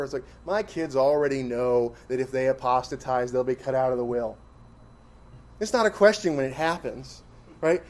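In a sermon delivered at normal speed, a pastor with a medium-pitched voice fires off rhetorical questions. He moves from loud emphasis to hushed side remarks.

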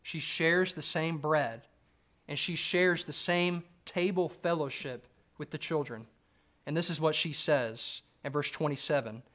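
A man preaching an expository sermon, measured and rising for emphasis. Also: fairly high pitch, fairly bright tone.

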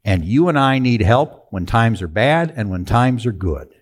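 A man's voice: mid-range voice, sing-song, normal speed. A man preaching a sermon, asking the congregation rhetorical questions and answering them himself. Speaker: pastor.

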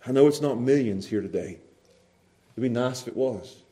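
A man preaching a sermon to his congregation, swinging from loud, animated exclaiming to quiet, close asides. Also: medium pitch, moderate pace. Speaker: pastor.

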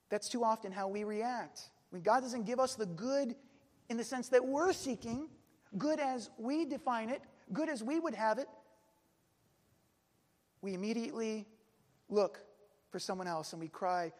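A man preaching a sermon earnestly, dropping soft then pressing hard. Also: high voice, moderate pace, big-room sound. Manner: earnest, swings between soft and emphatic.

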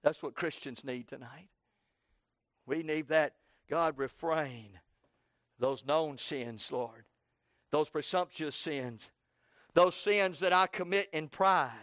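A man with a fairly high voice delivers a church sermon that slips into spoken prayer, close and dry with little room sound. He swings from hushed pleading to loud, impassioned crying out, hammering phrases again and again for emphasis. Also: slow pace, long pauses, dry recording. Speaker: pastor. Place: church service.

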